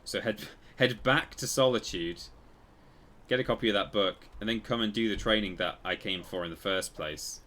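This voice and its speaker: A man's voice: on the low side, normal speed, sharp tone. A man casually commenting while he plays a game on a live stream, rambling and correcting himself as he tells stories. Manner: rambling, self-correcting storyteller.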